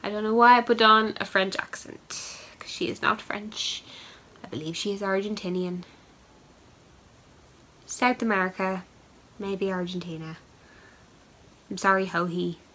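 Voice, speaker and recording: Holding up yarn for the camera, a knitting podcast host rambles through a casual chat full of filler words. She speaks at a measured pace with frequent pauses, her mid-range voice steady and fairly bright, though the recording is rough.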